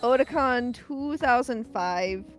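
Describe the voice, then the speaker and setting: High-voiced woman in casual chat. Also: expressive, slow pace, faint music behind.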